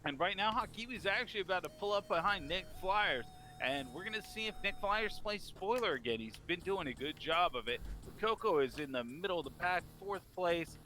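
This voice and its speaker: A man giving eager play-by-play commentary on a video game race, rising in excitement at each crash. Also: high-pitched, brisk.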